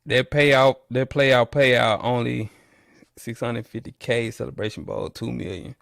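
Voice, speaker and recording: A man hosting a casual livestream, reading the chat and trash-talking rival teams playfully, with loud animated bursts. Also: mid-range voice, takes it slowly, creaky, pauses often, no echo, clean studio sound.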